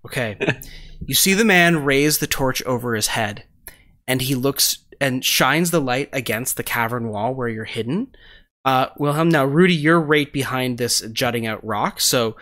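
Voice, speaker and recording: Game master narrating, measured and descriptive. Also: male voice, mid-range voice, lively intonation, pushed and bright.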